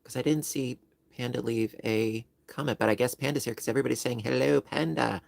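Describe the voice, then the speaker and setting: A man's voice: mid-range voice, steady tone, fairly quick, creaky, no room sound. A man hosting a crochet livestream, chatting casually with viewers and explaining stitches step by step. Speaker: crochet channel host. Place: home livestream setup.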